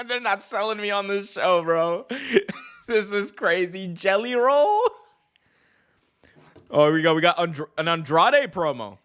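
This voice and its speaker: A man hosting a live wrestling watch-along, talking in an excitable, slangy way and laughing often. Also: high voice, a little slow, smooth. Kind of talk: live reaction commentary.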